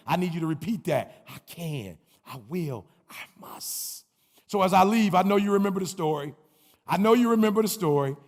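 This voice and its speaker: A man's voice: a little high, gravelly. A man giving a rousing commencement speech as a motivational speaker, preaching with call-and-response chants. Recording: long hall reverb, faint music.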